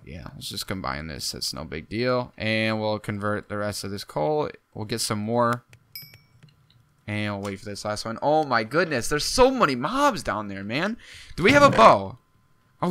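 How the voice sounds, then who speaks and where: A young man giving casual gameplay commentary, excitable and jumpy, talking to himself as he plays. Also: mid-range voice, dry recording. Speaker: gaming YouTuber.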